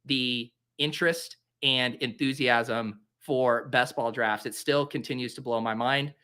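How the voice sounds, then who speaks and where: Measured and smooth, this young man's mid-range voice comes across bright and forceful, its intonation mostly even. He's doing casual solo commentary on his fantasy football show while drafting, heaping exasperated, theatrical scorn on himself.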